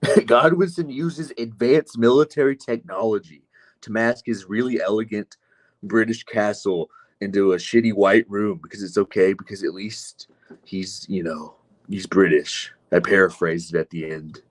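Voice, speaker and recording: Sardonic male streamer, lowish voice. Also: moderate pace. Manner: sardonic, mocking, profane asides. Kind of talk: casual livestream chat reading comments.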